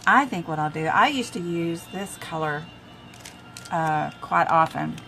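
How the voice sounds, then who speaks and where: Heavy background noise surrounds an older makeup vlogger whose low-ish, gravelly voice is expressive and measured. She chats with viewers as she applies her makeup, coughing occasionally from a tickle in her throat.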